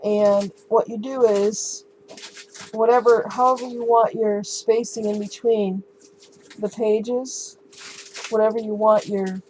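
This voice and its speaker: A woman casually showing and explaining a handmade album in a relaxed, halting way, with many ums and restarts. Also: medium pitch, slight background noise, low-quality recording. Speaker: crafting vlogger. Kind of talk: casual show-and-tell craft tutorial.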